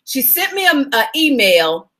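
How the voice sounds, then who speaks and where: A woman's voice: high voice, big pitch swings, measured pace, a bit bright. A woman media coach chatting casually to her viewers, greeting them by name as she tells a story. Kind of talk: casual live video chat. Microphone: phone.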